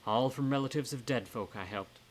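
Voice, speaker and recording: A man's voice: medium pitch, fairly quick, natural voice. A man reading aloud and voicing a blunt, motherly elderly woman ghost in a put-on accent during a live reading of a horror novel. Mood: scolding. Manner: put-on accent, scolding and teasing.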